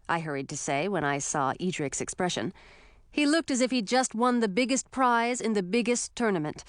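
Woman reader, middle pitch, first-person fantasy audiobook, dead dry close-mic booth. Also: normal speed, dry recording. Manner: clear, expressive storytelling. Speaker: audiobook narrator.

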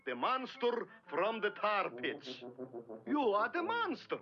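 A man's voice: high voice, wildly swooping pitch, slow, a crowd in the background, full character voice. An actor playing a pushy, wheedling male movie producer in a vintage cartoon. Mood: eager. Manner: wheedling, salesman patter. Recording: dull vintage cartoon soundtrack with music.

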